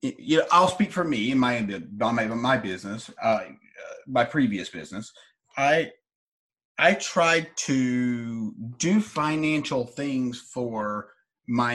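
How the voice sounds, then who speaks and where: A man hosting a podcast, asking questions and telling stories in a hesitant, halting way with many fillers. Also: mid-range voice, expressive, fairly bright tone. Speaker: podcast host. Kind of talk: casual interview talk.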